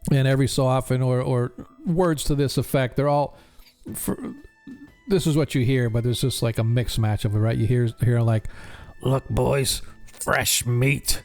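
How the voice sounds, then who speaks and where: A male game master describing scenes in a tabletop game, with a mid-pitched voice. He rambles and hunts for words with lots of fillers. Faint music plays underneath. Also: fairly even intonation, moderate pace, dark tone.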